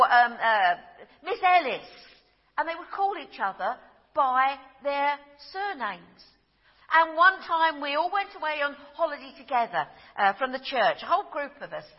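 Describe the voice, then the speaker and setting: A middle-aged woman with a high voice gives a sermon in a gentle storytelling way, sinking to a near-hush when the moment turns tender. Her words ring with a long echo, as if spoken in a church hall, and the recording sounds dull and muffled. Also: big pitch swings, moderate pace. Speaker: preacher.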